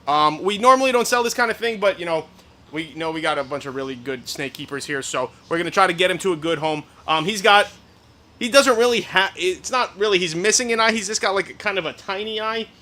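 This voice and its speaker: A man co-hosting a live reptile sale, pitching animals eagerly and reassuring buyers. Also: a little fast, pushed and bright. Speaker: livestream co-host selling reptiles. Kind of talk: casual live sales pitch.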